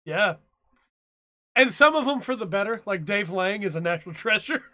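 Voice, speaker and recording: Bright-voiced young man, laughing a lot. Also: sits high, normal speed. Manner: laughs often, animated storytelling. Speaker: podcast co-host. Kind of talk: casual chat.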